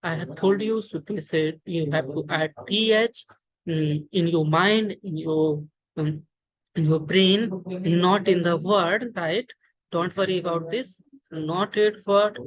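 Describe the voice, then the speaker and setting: In this low-quality screen-share recording, an English teacher from India, speaking with an Indian accent at a fairly low pitch, walks through pronunciation during an online lesson. Her delivery halts often, full of fillers, restarts and repeated words.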